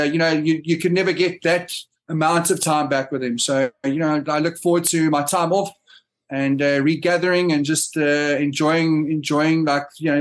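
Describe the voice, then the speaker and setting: A middle-aged man in casual podcast chat, rambling with many fillers and restarts. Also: a little high. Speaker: podcast co-host.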